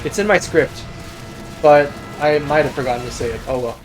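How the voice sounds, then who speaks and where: A man's voice: fairly high pitch, moderate pace. Man, young adult, game caster, casual commentary, wry asides, faint background music. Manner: casual, self-deprecating asides. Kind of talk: solo esports replay commentary.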